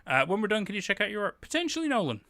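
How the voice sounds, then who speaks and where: Man, casual livestream chat, swears freely, very lively delivery, dry close sound. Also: sits high, very fast, no room sound. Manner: animated, laughs often, swears casually. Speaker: livestream host.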